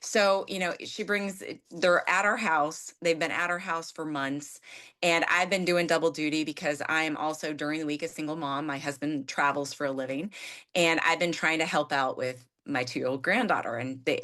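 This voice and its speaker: A woman in her fifties with a lowish voice talks candidly as a guest on a conversational show. She is animated and self-deprecating, and she jumps into acting out her own exasperated quotes as she tells the story. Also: normal speed. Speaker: therapist and coach guest.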